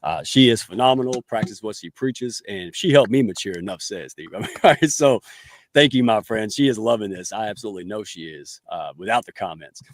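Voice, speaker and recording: A man's voice: lowish voice, expressive, a little fast, dry recording, clean studio sound. A man hosting a podcast interview, folksy and enthusiastic, using homespun words. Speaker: podcast host.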